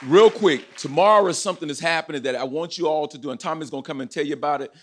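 A man's voice: on the high side, fast talker, a faint crowd. A man performing a passionate spoken-word poem in a large auditorium, building rhythmic, repeated declarations. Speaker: guest speaker at a community event.

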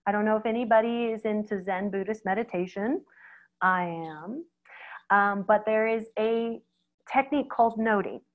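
A middle-aged woman, a veterinarian, giving a conversational webinar talk, lively and speaking straight to her audience. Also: medium pitch, normal speed, narrow, tinny audio. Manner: lively, acts out quoted reactions, addresses audience directly.

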